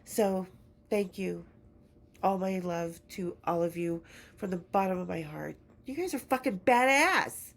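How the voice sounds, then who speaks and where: A woman hosting her podcast in a casual, affectionate chat while sick and congested, swearing freely. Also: medium pitch. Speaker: podcast host.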